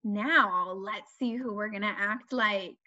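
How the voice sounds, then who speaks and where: A woman teaching young children, asking questions in a slow, sing-song way and stressing key words. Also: mid-range voice, pushed and bright. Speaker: children's speech and language teacher. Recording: dull lo-fi dry recording.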